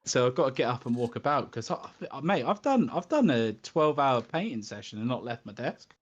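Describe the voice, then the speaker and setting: A man on a podcast, telling a hobby story in a casual, animated way and tossing in "mate" and "yeah?". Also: medium pitch, brisk, lo-fi sound. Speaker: podcast co-host. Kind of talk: casual chat.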